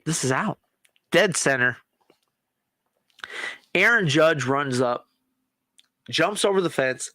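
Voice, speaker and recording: A man hosting a podcast, chatting casually and excitably about sports and swearing now and then. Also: a little high, no room sound. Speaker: podcast host. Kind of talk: casual solo chat.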